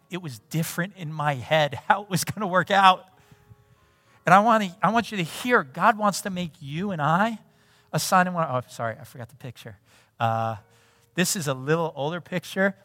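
A middle-aged man giving a sermon in a church, telling a personal story in an animated way and acting out the dialogue. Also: on the high side, dry recording. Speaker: pastor. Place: church sanctuary.

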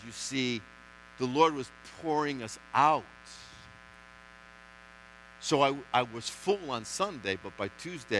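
A man with a high, bright and forceful voice preaches a sermon in church. He is emphatic, dropping to near-hushed lines and then rising loud, with a faint hum behind him. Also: low-quality recording. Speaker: pastor.

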